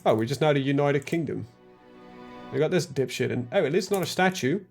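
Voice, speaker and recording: A man's voice: a little high, animated, normal speed, creaky, darkish tone, soft background music. A man live-streaming a strategy game, talking casually to himself and his chat, full of ums and the odd swear word. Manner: thinks aloud, lots of ums, casual swearing.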